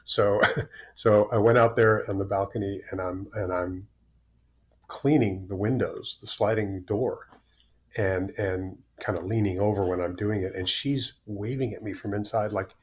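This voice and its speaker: Man in his sixties, low candid voice. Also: steady tone, a little slow. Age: 60s. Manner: open, rambling, repeats words. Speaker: podcast guest. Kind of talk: candid conversational storytelling.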